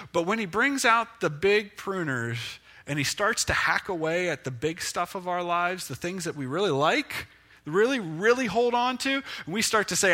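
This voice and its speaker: A male pastor giving a conversational, self-deprecating sermon with lively rises and falls in pitch. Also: normal speed.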